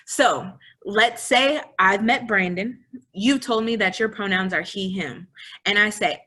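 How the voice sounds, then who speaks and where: This is a young woman co-hosting an informal educational chat. She talks casually with a lively, playful manner, laughing often. Her pitch sits in a middle range. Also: measured pace, a little hiss or hum. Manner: lively, laughing, acts out little scenes. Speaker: co-host.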